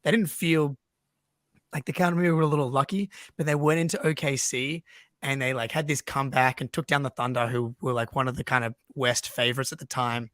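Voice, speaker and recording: A man co-hosting a sports podcast, telling stories in a rambling way full of 'like' and quick laughs. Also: medium pitch, fairly even intonation, fairly bright tone, no echo. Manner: rambling storyteller, lots of 'like', laughs easily. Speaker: podcast co-host. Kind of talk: casual podcast chat.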